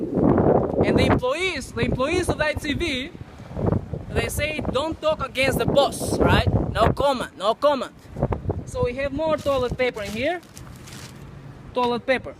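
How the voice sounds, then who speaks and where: A street protester with a high voice rants repetitively and declaims an outdoor protest speech on a windy street. Heavy wind noise hits the outdoor mic.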